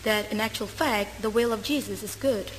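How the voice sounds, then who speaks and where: A woman's voice: mid-range voice, a little fast, a little hiss or hum. Hesitant woman interpreting a sermon. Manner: hesitant, many uh fillers and self-corrections. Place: church hall. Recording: reverberant hall, faint ambience.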